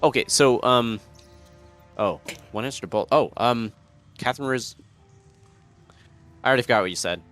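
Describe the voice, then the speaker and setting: A man's voice: medium pitch, moderate pace, pauses often, fairly bright tone, faint music behind. A man playing at a tabletop game, eager and a little scatterbrained. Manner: earnest, eager, a bit scatterbrained. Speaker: player. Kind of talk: casual chat at a gaming table.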